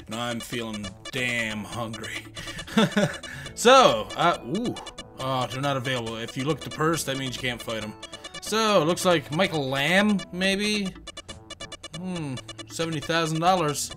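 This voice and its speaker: A man hosting a video game let's-play, with excitable, crude joking commentary. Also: fairly high pitch, unhurried, over music. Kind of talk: gameplay commentary. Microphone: headphones on, home setup.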